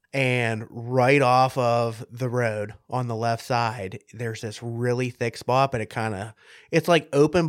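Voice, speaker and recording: West Virginia man, podcast co-host, mid pitch, excitable storyteller, dry close recording. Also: no room sound. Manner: excited storytelling, laughs often. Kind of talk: casual storytelling chat.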